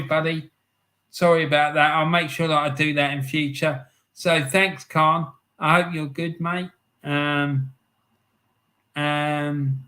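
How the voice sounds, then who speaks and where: Slow-talking bright-voiced male stream host. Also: fairly high pitch. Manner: chatty, reads viewer comments aloud, excitable asides. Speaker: live stream host reading football scores and chat. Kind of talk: casual live-stream chat.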